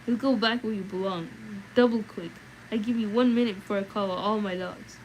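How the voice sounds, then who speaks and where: A woman's voice: medium pitch, brisk, slight background noise, natural voice, poor audio. A woman voicing a stubborn middle-aged male hobbit farmer telling his tale in plain country speech for a read-aloud. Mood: defiant.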